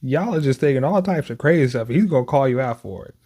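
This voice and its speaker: A man's voice: medium pitch, lively intonation, fast, dark tone. Slangy man reacting to manga. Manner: loose, slangy commentary. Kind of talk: casual reaction, reading manga aloud.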